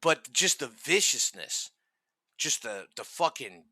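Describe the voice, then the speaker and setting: Furious profane man with a very bright voice. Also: on the high side, lively intonation, moderate pace, dry recording. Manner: profane, furious, mocking ranting. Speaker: commentary host. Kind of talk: angry reaction commentary.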